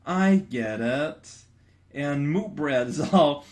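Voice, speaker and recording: A man's voice: on the high side, animated, takes it slowly, darkish tone. A young man rambling playfully through casual gaming commentary, often stammering and restarting his sentences. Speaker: let's player. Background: faint game music.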